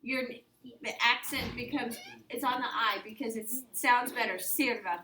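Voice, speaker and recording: A woman's voice: on the high side, steady tone, normal speed, crowd noise. A woman teaching a Spanish grammar lesson in a classroom, quizzing her students and repeating their answers back. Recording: echoey classroom with faint noise.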